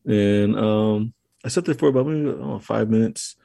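Low, gravelly man telling a story. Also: mellow, no echo. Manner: halting, loose retelling of events. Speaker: podcast guest. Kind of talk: casual storytelling.

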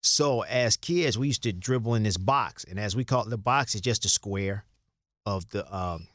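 Low-voiced middle-aged man, rambling stories. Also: moderate pace, fairly bright tone, no room sound, clean studio sound. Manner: loose, rambling, repeats words, laughs while telling stories. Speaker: interview guest, former basketball player. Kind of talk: casual storytelling interview.

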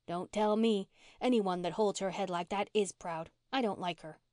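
Brief: woman reader doing a tough, slangy orphan girl, mid pitch, dry close sound. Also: moderate pace, darkish tone, no echo, natural voice. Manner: slangy, folksy country speech. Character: rough-spoken runaway orphan girl, blunt and touchy.

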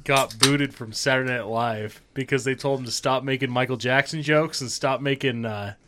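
A man in casual chat, blunt and animated, often laughing as he tells a story. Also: mid-range voice, normal speed, background noise. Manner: animated, blunt, laughs while telling stories.

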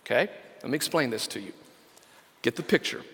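A male senior pastor preaching a sermon, stressing scripture slowly and calling out to the congregation. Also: mid-range voice, expressive, gravelly, bright, forceful tone, breathy edge, in a large hall. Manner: emphatic, slows down to stress scripture; engages congregation with call-outs.

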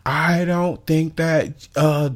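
A woman's voice: deep voice, steady tone, extremely slow, voice pushed up. A man voicing an impatient, indignant woman customer who complains shrilly about waiting for service.

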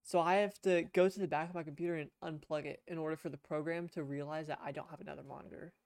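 Smooth-voiced young man telling a long story. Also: a little high, fairly even intonation, fast, a little mellow, no echo. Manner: rambling storytelling with swearing and restarts. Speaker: podcast co-host. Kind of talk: casual chat. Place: home room at a computer. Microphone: headset.

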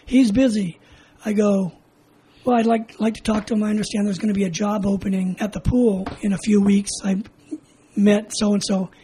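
A man's voice: high voice, a little hiss or hum, poor audio. An older man from California, a veteran being interviewed, telling a story with lots of laughs and acted-out dialogue. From California, USA. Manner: animated, acts out dialogue, laughs often. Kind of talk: oral history storytelling.

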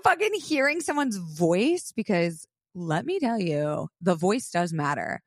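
Animated giggly woman. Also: on the low side, unhurried, dry recording, studio quality. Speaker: podcast co-host. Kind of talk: casual live podcast chat. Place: live show venue.

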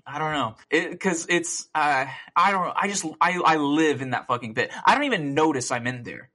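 A man co-hosting a gaming podcast, chatting casually, excitable and swearing a lot as he rambles through stories. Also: on the high side, moderate pace. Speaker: podcast co-host. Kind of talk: casual chat.

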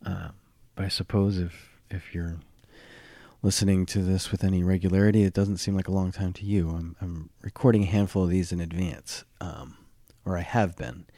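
A man hosting a solo podcast in his groggy early morning voice, talking haltingly with many fillers and restarts. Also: low-pitched, fairly even intonation, dark tone, dry recording, studio quality. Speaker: podcast host.

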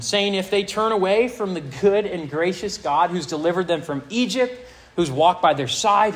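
A male pastor preaches to a high school audience, reading scripture aloud with earnest emphasis. The audio quality is poor.

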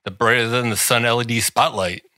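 A man's voice: mid-range voice, steady tone, brisk, bright, forceful tone, no room sound. A man reading a comedic ad with sarcastic, mock-grandiose flair, teasing the listener. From Washington, D.C. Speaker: podcast host reading an ad. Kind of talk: comedic ad read.

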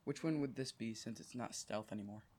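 A man playing in a tabletop game, soft-spoken and hesitant. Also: on the low side, a little fast, slightly rough. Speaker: player. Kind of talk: casual tabletop game play.

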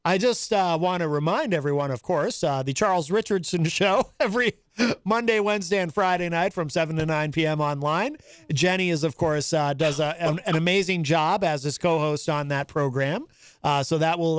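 A man hosting a casual call-in radio show, talking haltingly with many fillers and amused laughs. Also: on the high side, clean tone, dry recording, studio quality. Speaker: radio host.

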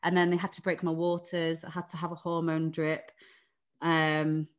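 A woman's voice: low voice, flat delivery, moderate pace. A woman in a candid casual chat, telling a story animatedly, acting out the people she quotes and swearing freely. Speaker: guest sharing birth story.

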